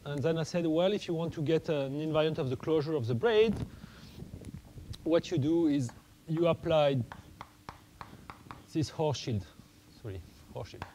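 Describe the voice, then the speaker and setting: Guy lecturing math, stops and restarts a lot, soft mellow tone, faint hiss behind. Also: a little high, poor audio. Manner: halting, many restarts and fillers, thinking aloud.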